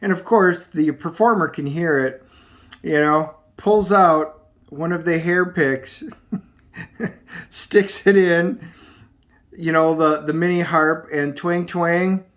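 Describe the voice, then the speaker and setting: A man chats through a comic book's plot, rambling and filling gaps with ums. His voice sits a little high for a man and moves at an easy, casual pace. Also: slow, long pauses, fairly bright tone. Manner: rambling, with many filler ums. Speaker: comic book reviewer. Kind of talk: casual review recap.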